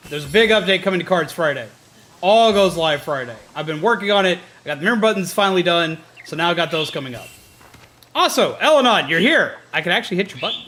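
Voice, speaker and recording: A man's voice: high voice, lively intonation, fast talker, bright, forceful tone, a little hiss or hum. A man streaming a game in casual, goofy chat, who also talks to his pet bird. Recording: game music playing under the voice.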